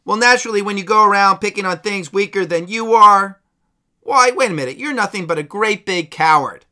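A man's voice: high-pitched, a little fast, sharp tone. A man voicing a prim young girl scolding someone.

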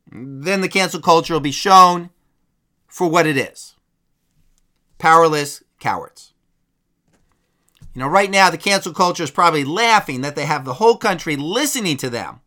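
A man's voice: sits high, sharp tone. A male preacher giving an emphatic, combative sermon.

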